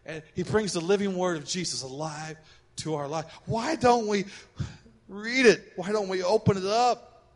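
A middle-aged man preaches with a high, bright voice, animated and acting out little scenes. His words ring out with a long reverb in a church hall. The delivery is casual and direct. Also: moderate pace. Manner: animated, acts out quoted voices. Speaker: pastor. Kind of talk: sermon.

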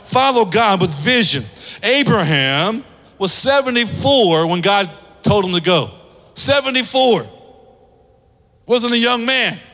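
A man's voice: high voice, expressive, unhurried, sharp tone. A man preaching a sermon as a pastor, acting out quoted voices and calling on the congregation to answer. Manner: acts out quoted voices, asks the congregation to respond. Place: church sanctuary. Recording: long church hall reverb.

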